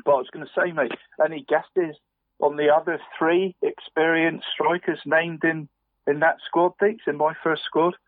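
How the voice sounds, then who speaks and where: A man's voice: on the high side, fairly even intonation, normal speed, a little hiss or hum. A man, co-hosting a casual football podcast. He rambles, restarts his sentences and says "mate" constantly. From Cornwall. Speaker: podcast co-host. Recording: dry, tinny phone-like line.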